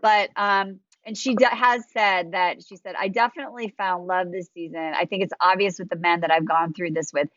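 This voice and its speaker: A woman's voice: lowish voice, steady tone, normal speed, few pauses, a bit bright, dry recording, highs cut off. A woman hosting a podcast, chatting casually and animatedly about dating with lots of fillers. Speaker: dating coach and podcast host.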